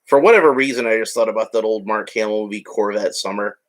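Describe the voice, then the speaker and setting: A man's voice: lowish voice, fast. A man narrating a toy build in a casual, rambling way with joking asides. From United States. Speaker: hobby vlogger.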